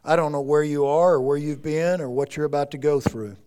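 A man's voice: fairly high pitch, steady tone, fairly quick, clear, resonant tone. Earnest male pastor preaching a sermon. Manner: earnest, rising to emphatic peaks then dropping to quiet appeals. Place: church sanctuary.

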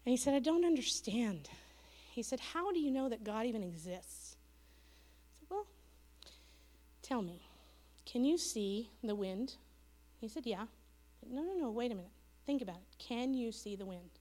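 A woman's voice: fairly high pitch, lively intonation, normal speed, pauses often. A woman missionary giving an earnest church testimony, telling a story in a sanctuary. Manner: earnest storytelling, quoting others, dropping to a hush at the end. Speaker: missionary speaker.

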